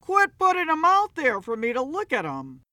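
A woman reading a story, voicing a gruff male barfly with a croaky, sneering way of talking. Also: sits high, huge pitch swings, normal speed, no room sound, studio quality, voice pushed up, exaggerated voice. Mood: surly. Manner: sneering, loud. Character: gruff surly male barfly, hard drinker.

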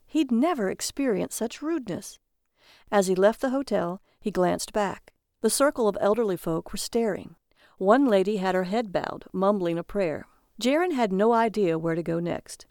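A woman narrating a story aloud in a steady, even read-aloud delivery. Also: mid-range voice, creaky, no room sound, studio quality.

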